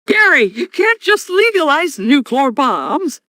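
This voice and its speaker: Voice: high-pitched, very animated, slow pace, pushed and bright, no room sound, studio quality, exaggerated voice. A synthetic voice doing an exasperated cartoon pet owner. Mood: scolding.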